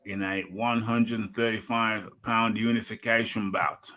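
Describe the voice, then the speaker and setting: A man's voice: lowish voice, level tone, unhurried, bright, forceful tone. A man hosting a casual boxing talk live stream, rambling to himself and reading an article aloud. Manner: rambling, talks to himself and calls himself by name in the third person. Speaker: boxing talk show host.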